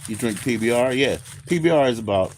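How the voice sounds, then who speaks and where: A man's voice: mid-range voice, expressive, a little fast, slight background noise. An American man chatting casually on a livestream with viewers, rambling, laid-back and swearing freely. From United States. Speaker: livestream host.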